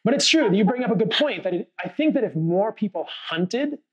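A man's voice: high voice, animated, fairly quick, breathy edge, muffled recording. A man hosting a casual podcast conversation, talking earnestly and thoughtfully, telling a story with frequent fillers. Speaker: podcast host.

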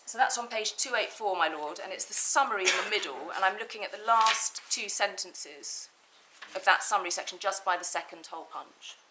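A woman barrister making a formal legal argument to judges in a courtroom, measured and precise, stressing key words. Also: mid-range voice, heavy background noise.

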